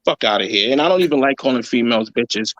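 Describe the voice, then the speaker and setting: A man's voice: medium pitch, lively intonation, quick pace, dull audio, crowd noise. A man hosting a casual reaction chat, talking in a blunt, heated way full of swearing. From New York. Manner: blunt, heated, profanity-laced ranting. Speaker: host.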